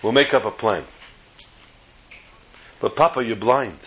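A man voicing an old blind father who calmly reassures his son, close to his own teaching voice. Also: on the low side, unhurried, husky. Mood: reassuring.

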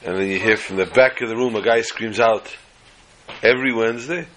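A man's voice: lowish voice, steady tone, fairly quick, fairly bright tone, a little hiss or hum, rough recording. A man, a rabbi, giving a weekly Torah class in a chatty storytelling manner, acting out jokes.

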